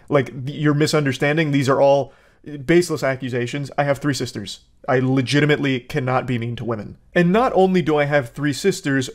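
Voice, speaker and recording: A man's voice: mid-range voice, natural voice. A man voicing a whiny, defensive grown man who keeps pleading that he is innocent, in a mocking tone.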